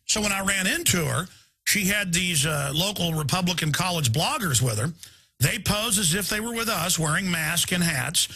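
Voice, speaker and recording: A man's voice: high-pitched, animated, normal speed, sharp tone, husky. A male talk radio host delivering a rambling, indignant live monologue.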